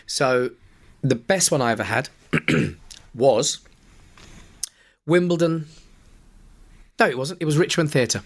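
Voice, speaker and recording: A man, a pantomime performer and podcast guest, telling stage anecdotes in a lively way, acting out the dialogue and laughing as he goes. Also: mid-range voice, takes it slowly, long pauses. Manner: animated, acts out dialogue, laughs often. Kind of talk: anecdotal storytelling.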